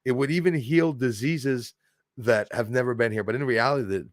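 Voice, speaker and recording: A man with a French Canadian accent chats loosely on a livestream, reading out viewer comments and drifting between thoughts. He chuckles often, and his voice jumps suddenly from mutters to loud bursts. His voice sits at an ordinary middle pitch, recorded close and dry with no room sound. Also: moderate pace, no echo. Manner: rambling, chuckling, jumps loudly between topics. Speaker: livestream host.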